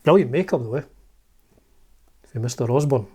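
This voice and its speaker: A man's voice: mid-range voice, lively intonation, moderate pace, a little mellow, breathy edge. A Scottish man hosting a casual video chat, reading from a magazine with chatty, enthusiastic asides. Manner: chatty, enthusiastic asides, swears under his breath. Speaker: vlog host.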